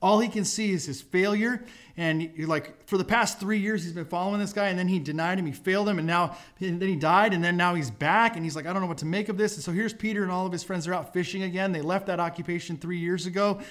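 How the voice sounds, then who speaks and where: Lively, conversational male pastor. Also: high voice, fast. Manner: conversational, acts out quotes with voices. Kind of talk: casual sermon storytelling.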